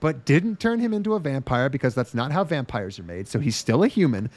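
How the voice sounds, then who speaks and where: A man's voice: mid-range voice, very animated, a little fast, darkish tone. A man hosting a casual podcast, recapping with sarcastic, profane rants and mocking put-on voices. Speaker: podcast host.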